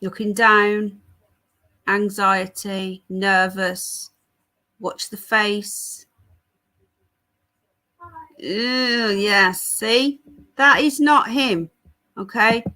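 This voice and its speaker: A woman's voice: mid-range voice, fairly even intonation, drawn-out words, pushed and bright. British woman hosting a chatty live stream. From United Kingdom. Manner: chatty, reads viewer comments aloud. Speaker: livestream host. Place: home with a child nearby.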